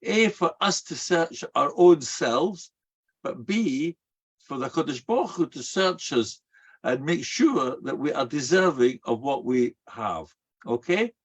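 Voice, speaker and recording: A man's voice: a little high, expressive, measured pace, slightly rough. A man giving a sermon as a rabbi, telling stories and asking and answering his own rhetorical questions, peppered with Hebrew and Yiddish terms. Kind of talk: sermon to a live audience. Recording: dull lo-fi recording.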